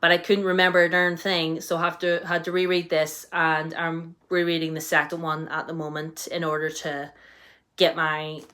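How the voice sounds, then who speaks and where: A young woman with a British accent chats through her monthly reading in a relaxed, rambling way, circling back with "um" and "like" as she goes. Her voice sits a little low for a woman. She sounds keen about the books she loved. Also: normal speed. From United Kingdom. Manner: chatty and rambling, many fillers and restarts, enthusiastic. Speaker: book vlogger. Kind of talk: casual book review chat.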